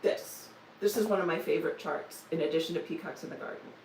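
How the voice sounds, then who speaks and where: A woman's voice: sits low, quick pace, a little mellow, roomy sound, recorded from a distance, slight background noise, low-quality recording. A woman, chatting casually on a live stream about her stitching projects, with joking asides and self-deprecating humor. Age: 60s. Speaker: stitching vlogger.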